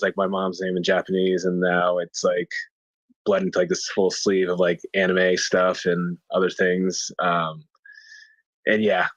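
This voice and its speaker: A man's voice: sits low, a bit bright, dry recording, highs cut off. A man chatting loosely, with lots of filler words and casual swearing. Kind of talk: casual chat.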